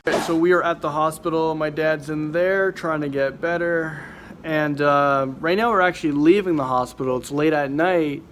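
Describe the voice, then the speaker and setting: Young male vlogger, a little high-pitched, sick-sounding, rambling through a handheld camera. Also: steady tone, moderate pace, a bit bright, a little hiss or hum. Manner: rambling, many fillers and restarts. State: sick, voice affected by illness. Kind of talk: casual vlog to camera. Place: hospital ward and car at night.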